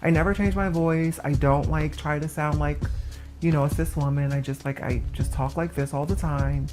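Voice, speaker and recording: A woman's voice: deep voice, steady tone, moderate pace. A woman telling personal stories in a chatty way during a documentary-style interview. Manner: chatty storytelling, many "like" fillers. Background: background music.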